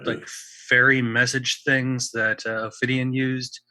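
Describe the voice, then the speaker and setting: A man's voice: mid-range voice, level tone, a little slow, sharp tone, no echo, rough recording. A man playing a tabletop game, planning his moves in a thoughtful, hesitant way. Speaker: player.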